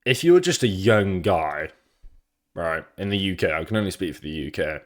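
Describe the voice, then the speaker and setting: Deep-voiced young British man rambling. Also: expressive, normal speed. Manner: rambling, sweary, anecdotal. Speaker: streamer. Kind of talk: casual stream chat.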